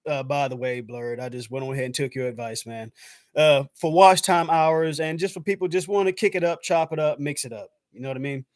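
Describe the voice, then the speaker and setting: A man's voice: on the high side, brisk, no echo, studio quality. Chatty American man, casual stream. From United States. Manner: loose and chatty, lots of "man" and "I was like"; animated when acting out his own past thoughts. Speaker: YouTube channel host. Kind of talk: casual live-stream chat.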